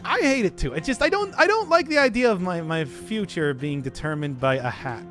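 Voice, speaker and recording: A man's voice: high-pitched, sing-song, moderate pace, fairly bright tone, soft background music. A man streaming a game, rambling in casual commentary and laughing at his own jokes.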